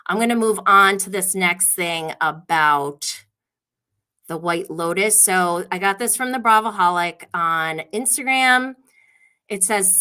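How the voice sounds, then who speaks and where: Slow-talking bright-voiced woman host. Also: medium pitch. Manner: chatty, laughs often, gossipy storytelling. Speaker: podcast host. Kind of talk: casual livestream chat.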